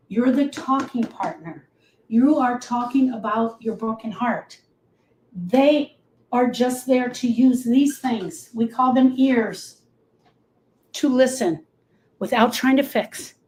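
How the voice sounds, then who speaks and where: Her voice is on the high side and mellow, heard through a low-quality recording. She's a grief coach and podcast host coaching viewers on coping tools to camera, repeating key phrases for emphasis.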